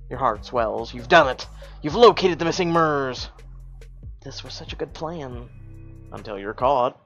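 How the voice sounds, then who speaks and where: A streamer reads a choice-driven story game aloud, dropping into dry, sarcastic side comments along the way. The recording is dull and lo-fi. Soft game music plays underneath. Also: mid-range voice, normal speed. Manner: wry, sarcastic asides and laughter.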